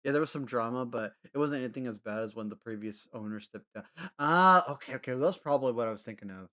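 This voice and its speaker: A man's voice: mid-range voice, fast, pushed and bright. A man chatting casually with his live-stream audience, rambling with lots of fillers and frequent laughter. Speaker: livestreamer.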